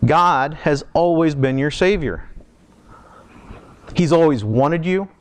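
Conversational man preaching a sermon. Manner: conversational, asks the congregation questions; slows down and lifts pitch for emphasis. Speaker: pastor. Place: church.

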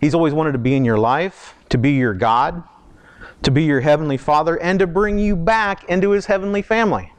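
A man preaching a sermon in a church, talking conversationally, asking the congregation questions and slowing down to stress key words. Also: smooth. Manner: slows down and lifts pitch for emphasis. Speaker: pastor.

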